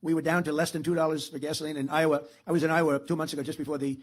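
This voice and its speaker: A man's voice: on the high side, flat delivery, rapid-fire. A man giving a public political speech in a rambling, boastful way, often repeating himself.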